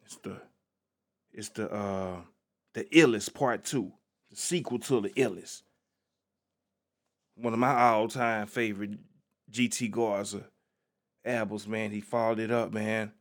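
Male podcast host, relaxed and slangy, talking casually on his own, a bit low in pitch. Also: unhurried, pauses often. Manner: laid-back and slangy, peppers talk with "man". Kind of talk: casual solo podcast talk.

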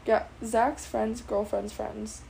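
Bubbly teen girl with a gravelly edge. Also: a little high, level tone, slow, dark tone, a little hiss or hum, low-quality recording. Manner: chatty, bubbly, full of fillers and quoted dialogue. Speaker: student telling a personal story. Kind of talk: casual storytelling to camera.

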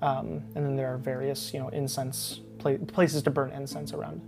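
Woman game master, low voice, relaxed, halting delivery. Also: gravelly, music in the background. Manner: relaxed, hesitant with fillers. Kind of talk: narrating a tabletop game.

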